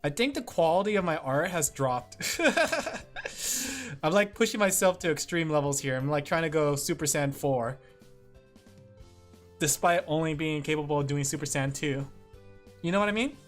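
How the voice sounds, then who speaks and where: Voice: medium pitch, animated, moderate pace, pauses often. Chatty streamer rambling to chat. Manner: chatty, rambling, laughs often, talks to chat. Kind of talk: casual livestream chat while drawing. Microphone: streaming microphone with headphones. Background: faint music.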